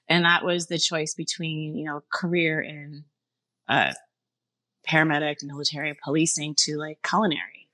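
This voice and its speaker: Woman, middle-aged, from Canada, chef guest, animated storytelling, crisp bright tone, dry sound. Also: normal speed, no room sound. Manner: animated, acts out dialogue in a higher voice, laughs often. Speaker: chef and restaurant owner, podcast guest. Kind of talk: conversational storytelling.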